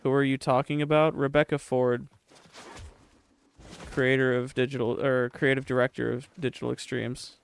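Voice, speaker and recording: A man's voice: medium pitch, level tone, moderate pace, vocal fry, smooth. A young man streaming a game, chatting casually with his chat in a sarcastic, profane, rambling way.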